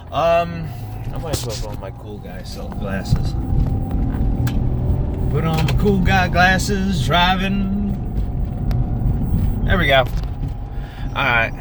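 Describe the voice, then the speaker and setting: A man's voice: on the low side, background noise. Profane, rambling young man ranting. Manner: animated, swearing, jumps between topics. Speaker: vlogger.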